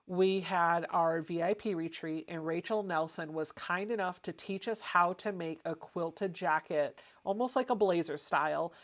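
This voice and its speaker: A woman hosting a casual home livestream, chatting and reading viewer comments aloud. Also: on the low side. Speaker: livestream host.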